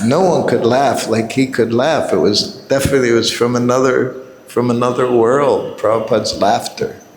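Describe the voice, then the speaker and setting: An older man in his seventies recounts a memory during a religious class, speaking at a middle pitch and chuckling often as he tells it. His voice rings out in a roomy hall with a long reverb tail. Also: a little hiss or hum. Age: 70s. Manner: chuckles often while telling a story. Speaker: devotee giving a scripture class. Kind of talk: anecdotal storytelling in a religious class.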